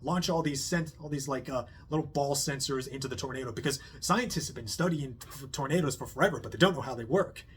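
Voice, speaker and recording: A man giving a casual spoken movie review, rambling with lots of fillers, restarts and quick impressions. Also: on the high side, slightly rough.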